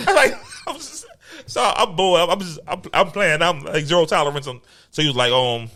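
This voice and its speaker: He co-hosts a podcast, and his voice runs a little high at a moderate pace. Animated and foul-mouthed in casual conversation, he tells a story and acts out what people said.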